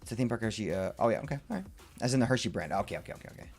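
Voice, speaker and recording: Give me a man on a casual live stream, animated and rambling, with soft music in the background. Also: fairly low pitch, racing, creaky. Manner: excitable and rambling, reacting to chat with playful rants. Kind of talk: casual livestream chat while building in a game.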